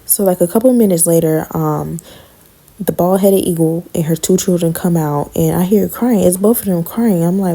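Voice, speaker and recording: Gravelly, husky woman telling a story. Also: fairly low pitch, brisk. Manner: blunt, profane, animated retelling. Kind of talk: casual storytime monologue.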